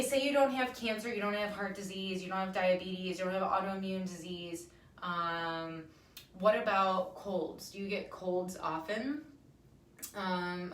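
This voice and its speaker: A woman's voice: medium pitch, slight background noise. A woman in her thirties hosting a casual live talk to viewers, chatty and emphatic with frequent ums. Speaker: wellness talk host. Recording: roomy echo, somewhat far from mic.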